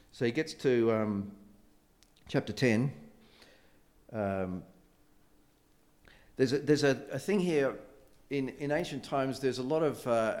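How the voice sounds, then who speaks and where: Guy giving a sermon, low voice, animated storytelling, fillers all over. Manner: conversational, animated retelling with many fillers and restarts. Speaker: preacher.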